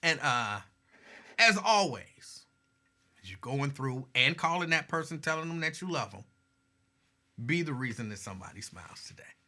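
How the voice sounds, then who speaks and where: Bright-voiced man chatting casually with viewers. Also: medium pitch, big pitch swings, moderate pace, long pauses. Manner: laid-back, chatty, signs off with warm advice. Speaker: host of a live-streamed talk show. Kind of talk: casual chat reading viewer comments.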